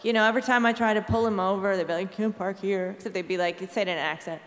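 A woman's voice: mid-range voice, fairly even intonation, very fast, a bit bright. A woman improvising a comic tall tale on a conference stage, rambling with lots of asides. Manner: rambling, giggly, many asides. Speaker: storytelling game player. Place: conference stage before live audience. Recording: reverberant hall, audience noise.

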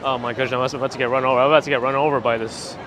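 Racing along in a mid-range voice with little pitch movement, a man hosts a walking livestream in the city. He keeps the chat casual and perky, reading viewer comments aloud. The handheld phone gimbal mic picks up noisy outdoor traffic.

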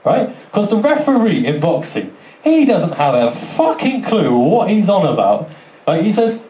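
A man's voice: high voice, very animated, moderate pace, mellow. A man doing a stand-up comedy set, brash and sweary, acting out little voices for his jokes. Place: comedy venue with live audience. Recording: roomy venue, faint background noise.

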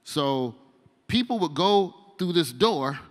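A man performing stand-up comedy, telling a story and moving from hushed asides to loud punchlines. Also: fairly high pitch, takes it slowly. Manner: animated, shifts between hushed and loud. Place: comedy stage.

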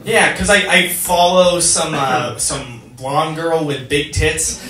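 A man performing a stand-up comedy set in a comedy club, deadpan jokes and riffing with the crowd. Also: on the high side, slow. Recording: echoey club from a far mic, loud noise. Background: audience laughter.

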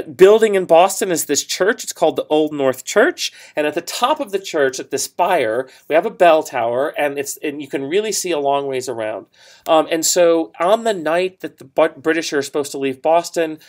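A man gives a recorded history lecture in a relaxed storytelling way, full of "um", "right?" and small asides. His voice sits a little higher than most men's. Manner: conversational storytelling with fillers and asides. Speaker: history teacher.

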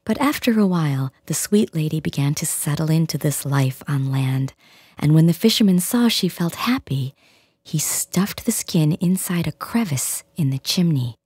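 A woman reading a fairy tale aloud in a gentle, hushed storytelling manner, with a soft, breathy, near-whispered delivery. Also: low-pitched, expressive, normal speed, no echo, clean studio sound. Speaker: audiobook reader. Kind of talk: storybook narration.

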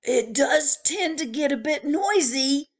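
A woman's voice: sits high, expressive, takes it slowly, voice pushed up. A woman voicing a polite, fretful hotel bellhop in a storybook, courteous and full of warnings. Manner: courteous, warning, hushed at times.

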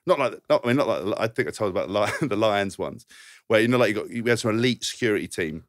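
A man's voice: fairly low pitch, racing, no echo, clean studio sound. A man co-hosting a podcast, telling anecdotes in a rambling, laughing way with lots of restarts. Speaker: podcast co-host. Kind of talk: casual chat, anecdote telling.

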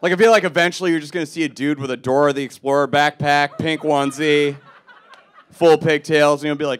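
Man, young, stand-up comedian, deadpan, self-mocking, slightly high voice, club stage mic. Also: fairly quick. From Milwaukee.

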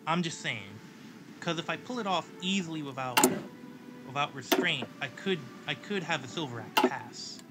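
A man playing a strategy game and chatting about it, musing and thinking aloud as he goes. His voice sits fairly high for a man, and game music plays clearly in the background. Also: lively intonation, normal speed. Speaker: gameplay commentator and story narrator. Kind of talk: casual game commentary.

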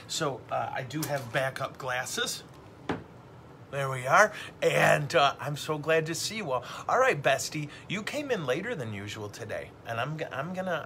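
A man's voice: medium pitch, pushed and bright, a little hiss or hum. A middle-aged man, a Catholic priest, hosting a casual livestream teaching and rambling along with self-deprecating jokes.

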